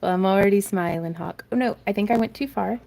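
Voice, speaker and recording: Here the craft tutorial host talks fast, her medium-pitched voice gravelly yet warm. Live from her craft room, she chats in a rambling, self-deprecating way, laughing a lot and reading the chat out loud.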